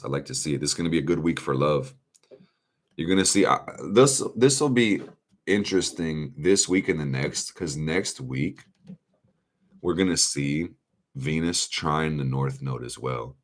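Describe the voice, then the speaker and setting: A man with a very deep, low voice runs a casual live-stream tarot reading. He talks with hyped energy, swears freely and speaks straight to his viewers in slang. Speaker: astrology and tarot reader.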